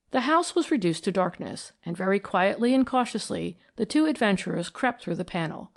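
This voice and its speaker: Gravelly woman narrating an audiobook. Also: mid-range voice, animated, brisk, few pauses. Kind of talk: scripted narration of a classic mystery.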